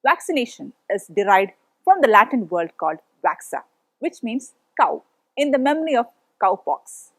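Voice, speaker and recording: A woman's voice: a little high, very animated, normal speed, fairly bright tone, no echo. A woman with an Indian English accent teaching a school biology lesson, reading from a prepared text and putting questions to the class. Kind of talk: read-aloud lesson.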